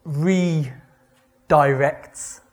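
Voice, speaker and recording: A man giving a conversational sermon, reading scripture and retelling it with wry, animated asides. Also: fairly high pitch, drawn-out words. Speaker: preacher.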